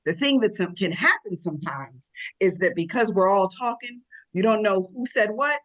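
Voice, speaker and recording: A woman co-hosting a radio talk show, telling her stories with emphatic, animated delivery. Her voice sits at an ordinary mid pitch. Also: normal speed, low-quality recording. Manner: warm, emphatic, storytelling. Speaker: radio co-host. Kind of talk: casual radio chat.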